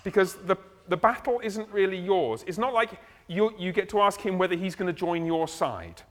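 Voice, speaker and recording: A man preaching a sermon, explaining a passage in a relaxed, conversational way with casual asides. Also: high voice, normal speed. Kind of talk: expository sermon. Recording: long hall reverb.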